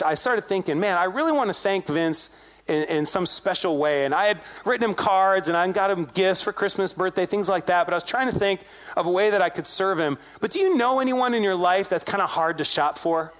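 A man preaching to his congregation with a fairly high voice. He tells stories casually and speaks to the room directly, acting out the voices of people in the story. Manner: animated storytelling, acts out quoted dialogue; conversational, addresses congregation directly. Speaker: pastor. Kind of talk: sermon.

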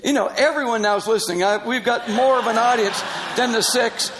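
A middle-aged or older man, a Christian missionary, telling a personal story in conversation, animated and laughing often as he acts out the dialogue. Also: very high-pitched, a little fast, noisy background.

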